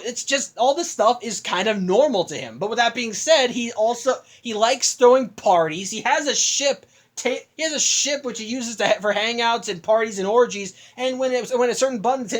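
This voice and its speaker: A woman's voice: a little high, brisk. A woman giving a casual, rambling, enthusiastic film review with many restarts.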